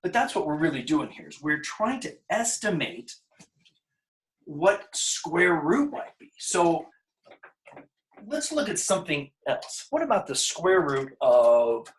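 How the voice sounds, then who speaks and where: A male math teacher with a slightly high voice, explaining in a loose, joking way. He thinks out loud as he goes, tossing in asides while he works through problems. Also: very animated, takes it slowly, rough recording. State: out of breath. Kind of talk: casual math lesson.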